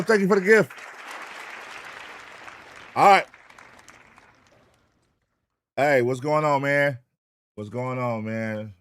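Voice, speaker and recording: A man from the US West Coast hosting a late-night livestream, loose and profane, reeling off shout-outs to chat viewers in a sing-song way. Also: mid-range voice, clear, resonant tone. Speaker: livestream reaction host.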